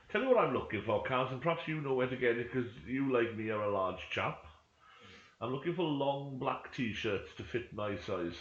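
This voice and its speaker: A man's voice: medium pitch, lively intonation, unhurried, a bit bright. A man chatting casually to friends while playing a roleplay game, rambling and mumbling to himself as things load. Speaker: gaming streamer. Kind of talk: casual chat while gaming. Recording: echoey room, dull lo-fi sound.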